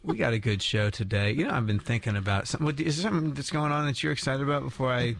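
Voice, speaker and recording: A man's voice: medium pitch, quick pace, gravelly, dry recording. A man co-hosting a morning radio show, chatting playfully and leading prayer. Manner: playful, jokey, teasing. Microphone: studio microphone.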